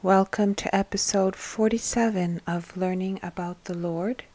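A woman reads a devotional text aloud as host, gentle and measured. She takes her time, and the recording sounds dry and close. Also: medium pitch, fairly even intonation, no echo. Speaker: host and reader. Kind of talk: devotional scripture reading.

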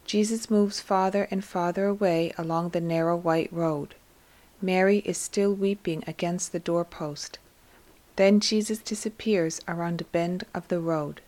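A woman reading a devotional story aloud in a slow, soft, reverent scripted narration. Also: fairly low pitch, fairly even intonation. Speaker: reader of devotional text.

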